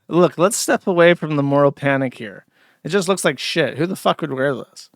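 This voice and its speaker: A man's voice: fairly high pitch, lively intonation, moderate pace, creaky, no room sound, studio quality. A man hosting a live stream, reacting to clips with profane, sarcastic ranting. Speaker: streamer host.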